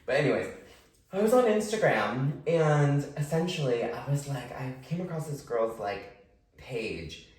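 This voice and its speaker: A man gushes through casual podcast chat, animated and full of "like," his pitch jumping all over. He sits back from the mic in a roomy space, so a strong echo trails his words. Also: unhurried, far from the mic. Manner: gushing, animated, heavy "like" filler. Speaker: podcast co-host.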